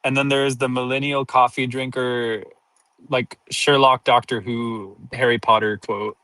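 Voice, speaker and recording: Young male streamer, casual rambling chat, bright forceful tone, close dry mic. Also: medium pitch, flat delivery, a little slow, dry recording. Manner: rambling and self-amused, laughing often.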